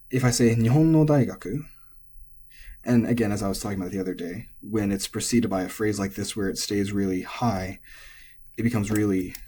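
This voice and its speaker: A man with a low, mellow and slightly husky voice, teaching a language lesson. He explains things casually and thinks aloud, with frequent asides and restarts. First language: English. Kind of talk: explaining Japanese pitch accent.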